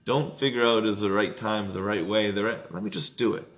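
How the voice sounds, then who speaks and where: A man on the low side, speaking a little fast, teaches a relaxed Jewish text study session. He checks in with "right?" often and loudly performs inner voices, keeping things conversational.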